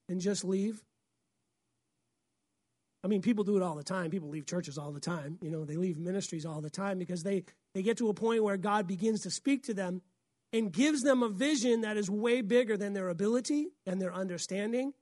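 Animated woman pastor preaching. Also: medium pitch, no room sound, clean studio sound. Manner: animated, acts out voices, laughs often. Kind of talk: sermon.

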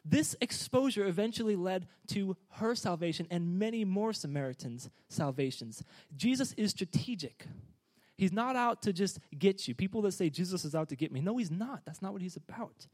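Man, preacher, sermon, high voice, energetic, playful, calls for responses. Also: moderate pace. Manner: energetic, joking, urging the congregation to respond.

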